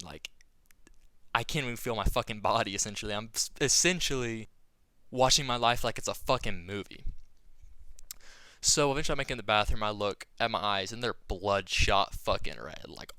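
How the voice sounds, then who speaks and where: A man's voice: mid-range voice, pushed and bright, clean tone, dry recording. A young man vlogging, casually telling a rambling story with lots of swearing and a laid-back delivery.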